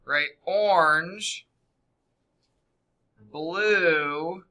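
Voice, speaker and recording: A man's voice: on the high side, drawn-out words, sharp tone. A man teaching a middle school math class, quizzing students in an upbeat, coaxing way. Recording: echoey classroom from far off.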